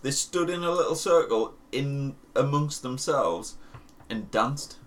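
A man co-hosting a podcast in relaxed casual chat, chiming in with short reactions. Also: medium pitch, unhurried, a little hiss or hum. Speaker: podcast co-host.

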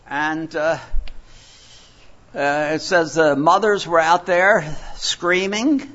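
A man's voice: fairly high pitch, very slow, long pauses, fairly bright tone. An older man from Philadelphia preaching a sermon, telling stories in a rambling, digressive way with many fillers and restarts. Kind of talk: sermon with storytelling. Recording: dull lo-fi recording.

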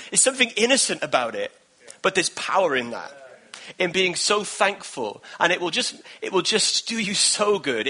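A man in his thirties preaches with earnest encouragement, and his voice sits a little high. It has a bright, forward ring and a slightly husky grain. He leans on repeated phrases to drive each point home. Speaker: pastor. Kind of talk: sermon.

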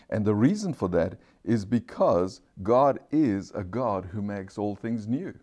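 A pastor with an accent preaching a sermon, slowing right down to stress key phrases, calling out for amens and putting questions to the congregation. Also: male voice, on the low side, mellow. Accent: non-standard English accent.

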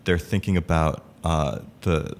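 Deep-voiced man, halting and thoughtful. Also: gravelly. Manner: halting, many fillers and restarts. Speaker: improv performer. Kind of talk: casual conversation.

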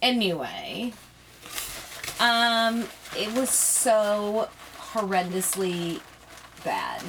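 A woman's voice: medium pitch, very animated, very slow, background noise. A middle-aged woman, a mother, chatting about a film on her child's podcast in a dry, teasing way. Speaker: parent guest. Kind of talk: casual movie-review chat.

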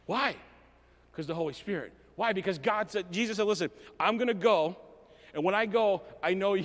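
A man preaches a sermon with a rather high-pitched voice, emotional and animated, often stumbling and restarting his sentences. His voice rings with long reverb through a church hall. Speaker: pastor.

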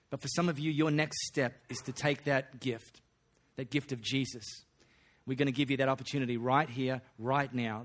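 Aussie pastor with a folksy, joking delivery in a mid-pitched voice. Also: male voice. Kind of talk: sermon.

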